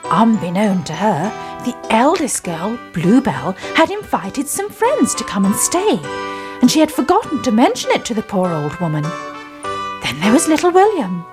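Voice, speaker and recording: A woman narrating a children's story in an animated, expressive reading. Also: fairly high pitch, normal speed, music in the background.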